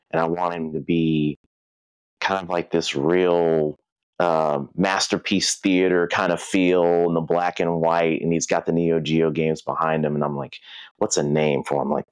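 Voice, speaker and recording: A man's voice: very deep voice, no room sound. A man being interviewed on a podcast, telling stories casually and acting out the voices of people he quotes. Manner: animated, acts out quoted voices. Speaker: podcast guest, game collector and video creator.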